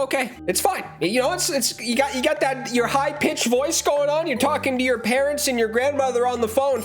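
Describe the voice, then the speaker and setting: A man's voice: very high-pitched, fairly bright tone. A man hosting his own channel, ranting in a sports reaction vlog, exasperated and rambling, stammering through restarts and swearing. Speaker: channel host.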